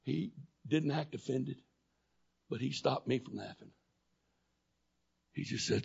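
Husky gravelly guy preaching, goes quiet then yells, kinda muffled lo-fi audio. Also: mid-range voice, slow pace, long pauses. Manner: swings from quiet storytelling to shouting intensity. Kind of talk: sermon.

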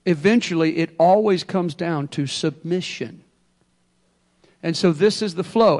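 A man preaches in an emphatic, call-and-response style. His voice sits high for a man, and he moves from hushed stretches to strong, rising lines. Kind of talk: sermon.

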